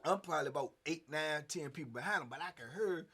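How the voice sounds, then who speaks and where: Man, 50s, casual storyteller, high voice, animated, sound effects, lots of fillers. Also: fast talker, husky. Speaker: host.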